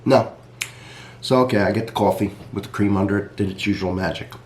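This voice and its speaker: Man, coffee reviewer, low-pitched, chatty and rambling, echoey room, faint hum. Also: steady tone, fairly quick. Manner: chatty, rambling, friendly asides to viewers. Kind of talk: casual vlog review.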